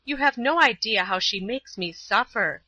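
A woman's voice: medium pitch, lively intonation, moderate pace, pushed and bright, breathy edge, no echo, highs cut off. A woman voicing a stubborn, resentful young schoolgirl in a storybook reading, complaining indignantly.

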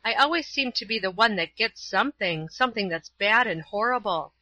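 A woman's voice: mid-range voice, animated, a little fast, sharp tone, no room sound, dull audio. Woman reading as a sulky young schoolgirl. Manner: indignant, complaining. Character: young schoolgirl, stubborn and resentful. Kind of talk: storybook reading.

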